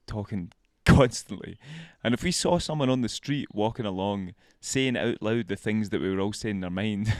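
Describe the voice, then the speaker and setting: A man's voice: lowish voice, no room sound. A young Scottish man giving a casual self-help monologue, often laughing and swearing casually. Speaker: vlog host.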